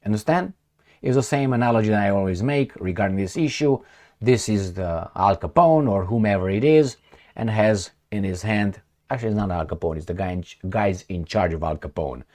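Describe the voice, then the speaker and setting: A man giving a casual commentary monologue, animated, throwing out rhetorical questions and sarcastic asides. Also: fairly low pitch. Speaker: political commentator.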